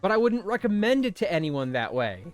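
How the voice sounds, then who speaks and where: A man hosting a gameplay video, chatting casually and reading game text aloud, animated and often laughing. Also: high voice, fairly quick, faint music behind. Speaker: let's play host.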